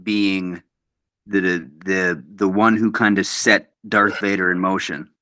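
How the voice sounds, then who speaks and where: A man's voice: sits low, little pitch movement, measured pace, sharp tone, dry recording. A young man as a guest in a casual chat, incredulous and slangy, swearing freely. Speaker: podcast guest. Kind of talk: casual banter.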